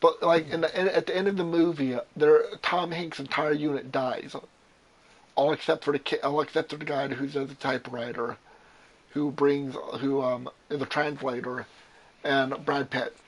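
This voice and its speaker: A man's voice: fairly high pitch, steady tone, normal speed, rough recording. A young man with a slightly raised voice, chatting casually with a friend. He rambles, starts sentences over and over, and swears freely as he retells movie scenes. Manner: rambling, profane, restarts a lot, acts out quotes. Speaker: gamer chatting while playing. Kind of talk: casual chat.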